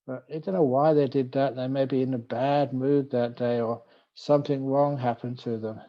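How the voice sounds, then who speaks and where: A man, a Buddhist monk, giving a dharma talk and telling a story with gentle humour. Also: mid-range voice, moderate pace, highs cut off. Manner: relaxed, gently humorous storyteller. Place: retreat talk.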